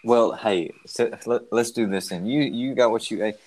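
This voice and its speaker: A man's voice: fairly low pitch, moderate pace, darkish tone. A man from North Carolina, hosting a podcast in a laid-back casual chat and steering the topics. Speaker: podcast host.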